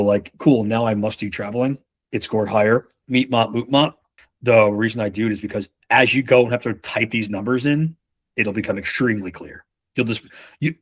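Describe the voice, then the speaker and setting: A sales leadership trainer with a husky, medium-pitched voice leads a coaching session in a casual style. He tells rambling anecdotes and swears often.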